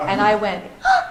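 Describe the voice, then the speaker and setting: A woman panelist telling a lively story at a discussion panel, often laughing. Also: mid-range voice. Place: conference room with an audience. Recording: echoey room with faint noise.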